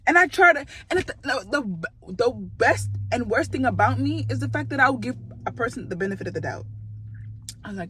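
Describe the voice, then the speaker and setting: A young woman vlogger telling a storytime, animated and swearing freely, acting out quotes from her coworker. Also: fairly high pitch, normal speed. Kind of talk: storytime vlog, casual venting.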